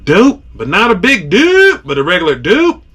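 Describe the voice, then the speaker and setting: Bright high-voiced man telling an animated story. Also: normal speed, husky. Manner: animated, with sound effects and loose filler "like". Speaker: podcast host telling a fishing story. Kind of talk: casual storytelling.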